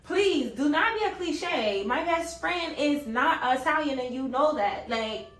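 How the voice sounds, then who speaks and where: A woman's voice: high-pitched, lively intonation, unhurried, distant mic, noisy background. Chatty young woman in an echoey room. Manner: chatty, swearing, laughing, quoting in a raised voice. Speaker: vlogger. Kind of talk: casual storytime. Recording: echoey room, away from the mic.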